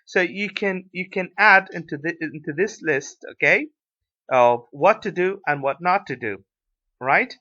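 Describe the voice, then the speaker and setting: A male English lecturer with an Iraqi Arabic accent, explaining a lesson slowly and filling pauses with "uh" and "right?". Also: sits high, expressive, pushed and bright. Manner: hesitant, many fillers, tag questions like "right?". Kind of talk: recorded lecture. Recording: dull lo-fi lecture recording.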